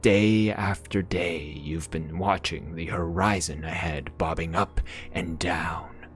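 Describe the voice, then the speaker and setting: A man with a very deep voice reads a game's story text in a slow, measured, brooding way. His let's-play narration carries a dramatic weight, with faint music playing underneath. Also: steady tone.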